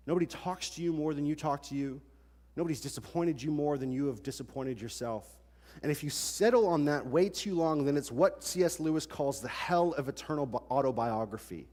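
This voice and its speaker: A man in his twenties preaching a sermon, animated and conversational, full of rhetorical questions. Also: fairly high pitch. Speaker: pastor. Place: large church hall. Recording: long church hall reverb.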